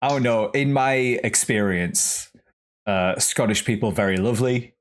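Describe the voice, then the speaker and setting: An English man co-hosting a casual film podcast, rambling in a relaxed way. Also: fairly low pitch, normal speed. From England. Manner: relaxed, rambling, lots of fillers. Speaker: podcast co-host.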